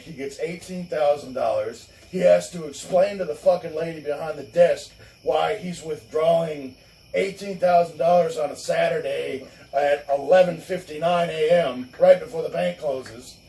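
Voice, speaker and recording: A co-host with a slightly high, gravelly, mellow voice tells a long story in casual chat at normal speed, swearing, laughing and acting out the voices of its characters. The room is echoey, he sits far from the mic, and there's faint noise.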